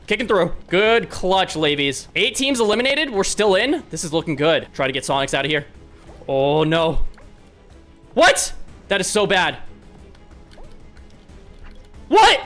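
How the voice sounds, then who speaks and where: A young man giving excitable gameplay commentary as a gaming video host, often yelling at his teammates. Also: sits high, a little slow, long pauses, faint music behind. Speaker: gaming YouTuber.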